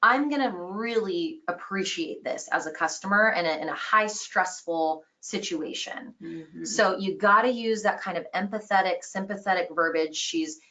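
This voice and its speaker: A woman's voice: on the low side, normal speed, few pauses, sharp tone. A woman sales trainer leading an online customer-care course, explaining in an upbeat, conversational way.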